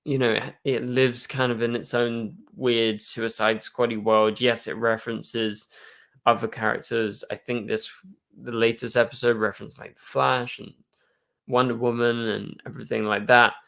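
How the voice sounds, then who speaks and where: A man's voice: medium pitch, level tone, normal speed, creaky, a bit bright. A young man hosting a live stream, chatting casually and answering viewer questions, rambling with lots of fillers. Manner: rambling, full of "like" and "um".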